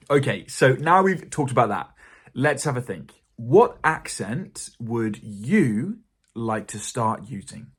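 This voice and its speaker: British man teaching English to camera. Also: medium pitch. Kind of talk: scripted lesson to camera.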